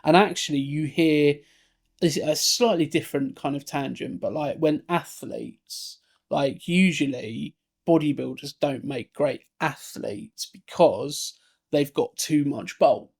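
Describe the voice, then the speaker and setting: A man's voice: a little high, a little slow, creaky, darkish tone, slightly rough. A man co-hosting a podcast, talking casually about films with lots of fillers and restarts. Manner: rambling, many fillers and restarts. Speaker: podcast co-host. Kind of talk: casual film discussion.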